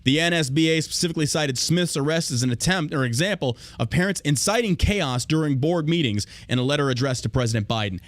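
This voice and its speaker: Talking fast and barely pausing, a fairly high-voiced man rants angrily on his podcast, heated and profane, speaking straight to his listeners with strong emphasis. There's no echo.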